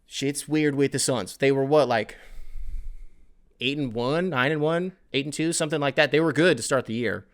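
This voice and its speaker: A young man hosting a podcast, ranting casually and rambling with profanity and quick asides. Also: mid-range voice. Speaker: podcast host. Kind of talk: casual comedic rant.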